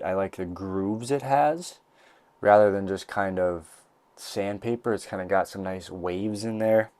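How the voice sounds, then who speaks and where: A man's voice: fairly low pitch, a little mellow, dry recording. A young man hosting a casual comedic podcast monologue, rambling and jokey with lots of restarts. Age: young adult. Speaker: podcast host. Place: college bathroom. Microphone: desk mic.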